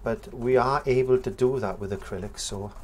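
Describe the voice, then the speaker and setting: A man, talking through a painting tutorial in a relaxed, chatty way as he works. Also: medium pitch, normal speed, slight background noise. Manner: relaxed, chatty, talks while working. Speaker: painting instructor.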